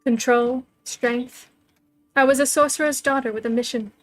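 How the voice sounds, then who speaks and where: A woman with a fairly high voice reads a novel aloud, narrating in the first person. Her delivery is measured and level, and soft music plays in the background. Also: steady tone. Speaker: storyteller.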